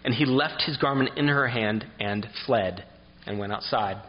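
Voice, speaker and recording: A man's voice: mid-range voice, normal speed, big-room sound, highs cut off. A man preaching an expository sermon who reads scripture aloud and asks his listeners questions.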